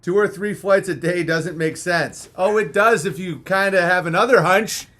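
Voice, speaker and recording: Male streamer, slightly high voice, crude jokey rambling, tired after hours on air. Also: normal speed, fairly bright tone. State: a little punch-drunk after hours of talking. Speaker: live-stream host. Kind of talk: casual live-stream chat, reading viewer messages.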